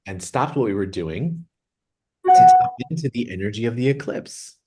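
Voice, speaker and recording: A man leading a group meditation on a video call, speaking earnestly and reflectively, slowing down on words he wants to stress. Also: lowish voice, darkish tone. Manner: earnest, reflective, slows down for emphasis. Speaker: meditation guide. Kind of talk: spiritual talk opening a group meditation.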